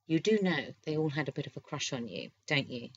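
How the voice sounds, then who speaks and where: A woman's voice: deep voice, slightly rough, exaggerated voice. Woman voicing a teasing young office worker. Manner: teasing, lively, quick retorts. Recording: slightly dull lo-fi recording.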